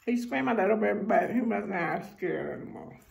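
A woman with a New York accent, telling animated family stories in a casual storytime vlog. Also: mid-range voice, moderate pace, creaky. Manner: animated storyteller acting out voices.

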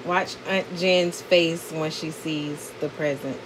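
A woman's voice: low-pitched, fairly even intonation, slow, noisy background. A woman vlogger chatting casually with lots of fillers, narrating a gift unboxing. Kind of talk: casual vlog and voiceover narration.

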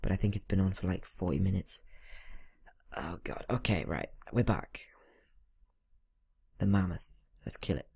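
A man's voice: deep voice, measured pace, creaky, pauses often, breathy edge. A teenage boy giving rambling, casual commentary over a video game, talking to himself and mumbling asides. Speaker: gaming channel host. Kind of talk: casual let's-play commentary.

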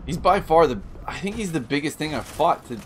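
A man streaming a game live, commenting casually and breaking into yells, groans and jokes as he plays. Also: a little high, lively intonation, fairly quick, a little hiss or hum.

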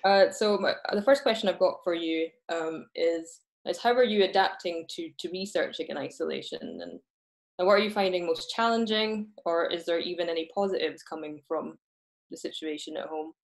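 Speaking at a normal pace in a fairly low voice, a Scottish woman hosts an online talk session via video call. She comes across as earnest, with minor restarts whenever she speaks freely.

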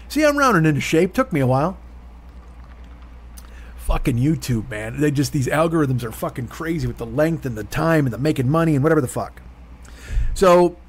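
A man's voice: a little high, slightly rough. A man in his forties hosting a solo comedy monologue, ranting in a profane, rambling, exasperated way. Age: 40s. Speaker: comedian host.

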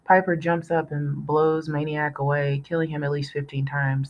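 A woman's voice: low voice, normal speed, low-quality recording. Woman reading a novel aloud. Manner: steady storytelling with occasional self-corrections. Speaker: audiobook reader.

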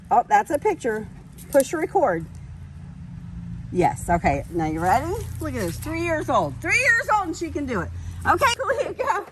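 A woman in her thirties filming her dogs at home, animated and laughing often as she coaches children. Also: fairly high pitch. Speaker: dog owner filming her pets. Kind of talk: casual home video narration. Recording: noisy home video recording.

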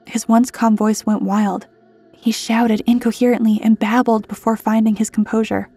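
Woman, scripted horror narration, measured, mellow, husky. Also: fairly high pitch, flat delivery, soft background music.

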